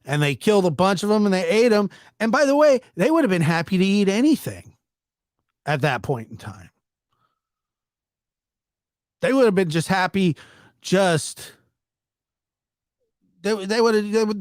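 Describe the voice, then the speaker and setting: A man doing a comic storytelling monologue, acting out characters with sudden jumps in pitch. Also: lively intonation, normal speed, no echo, studio quality. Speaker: stand-up comedian.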